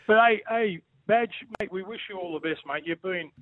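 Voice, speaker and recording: A man's voice: high-pitched, moderate pace, crowd noise. An older Australian man, a former footballer calling in, joking and ribbing his mate and saying "mate" constantly. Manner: rowdy, jokey, says mate constantly. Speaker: former rugby league player calling in. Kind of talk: casual banter. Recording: tinny phone line, dry.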